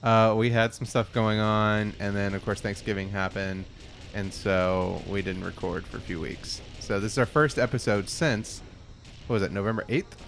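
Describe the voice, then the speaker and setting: Casual rambling podcast host, faint music. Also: male voice, on the low side, steady tone, normal speed, gravelly, fairly bright tone. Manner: rambling anecdotes, laughing, swearing. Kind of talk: casual chat.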